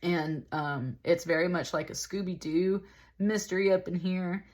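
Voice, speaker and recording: A woman's voice: fairly low pitch, fairly even intonation, unhurried, darkish tone. A woman giving a casual tarot reading, rambling and talking loosely with lots of "like" and the odd laugh. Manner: rambling, heavy use of "like", with laughs. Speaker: tarot reader.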